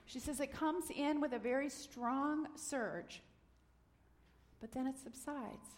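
A woman's voice: high-pitched, slow pace. Woman preaching in a reverberant hall. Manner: gentle, earnest, dips into soft near-whispers. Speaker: minister. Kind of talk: sermon.

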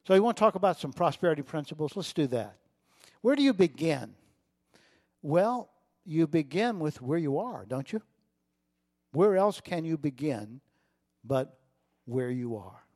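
A middle-aged man preaching a sermon, telling a personal story with feeling and swinging between loud and soft. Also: on the high side, very animated, unhurried, long pauses, no echo, studio quality. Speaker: pastor.

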